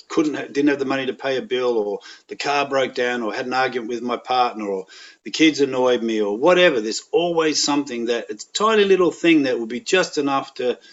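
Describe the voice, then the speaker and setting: Man, Australian accent, frank, anecdotal, plain-spoken, middle pitch, dull lo-fi audio. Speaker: guest. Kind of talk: candid conversational storytelling.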